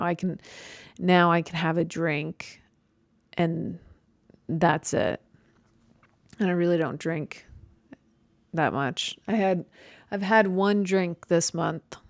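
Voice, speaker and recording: Slow rambling woman podcast host. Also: low voice, no room sound. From Chicago. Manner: rambling, self-mocking, conversational with many fillers. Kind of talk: stream-of-consciousness monologue.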